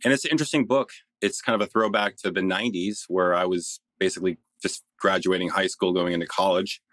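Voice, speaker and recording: Deep-voiced man guest-hosting a finance podcast. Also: steady tone, quick pace, fairly bright tone, dry recording. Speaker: financial planner, guest host. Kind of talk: casual podcast chat.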